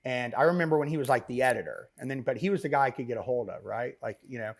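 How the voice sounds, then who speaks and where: A middle-aged man, a business founder, telling stories as a podcast guest in a rambling, animated way with many fillers and asides. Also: mid-range voice, fast, gravelly. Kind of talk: casual interview storytelling.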